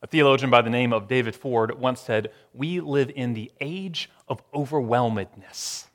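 Middle-aged male pastor, sermon delivery, dynamic swings from loud to near-whisper. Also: medium pitch, long reverb tail. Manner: dramatic pauses, swings from loud to hushed.

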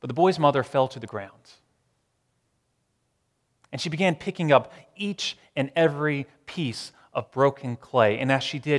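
A man preaching a sermon, shifting between strong emphasis and quiet, hushed phrases with long pauses. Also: medium pitch, big-room sound. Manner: dramatic pauses, swings from loud to hushed. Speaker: pastor.

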